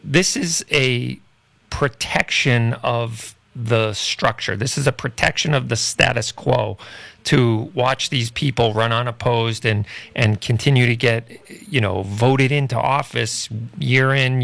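A man's voice: medium pitch, gravelly, a bit bright, no room sound. A man hosting a radio interview, emphatic and supportive toward his guest. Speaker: radio show host.

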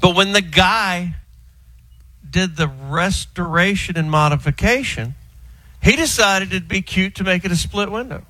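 Male regular, middle-aged, animated joking drawl, slightly high voice. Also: unhurried, no room sound, low-quality recording. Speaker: car show regular calling in. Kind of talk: casual radio chat by phone. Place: house with sleeping roommates.

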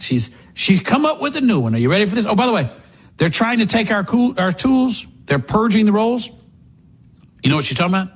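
A man's voice: fairly high pitch, husky. A man hosting a political talk radio show, sarcastic and mocking in his monologue.

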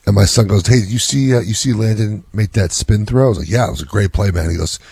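A man in his thirties, a youth coach and parent, in casual chat, telling lively stories and saying "bro" and "dude" a lot. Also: on the low side, fast, creaky, breathy edge, dry recording. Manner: animated storyteller, says "bro" and "dude" a lot.

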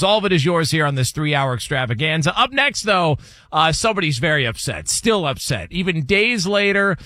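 A man's voice: a little high, bright, forceful tone, no room sound. A man hosting a sports radio show, joking with co-hosts, recapping stories and reading an ad. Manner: laughs easily, recaps stories. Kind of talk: casual sports talk banter and read ad.

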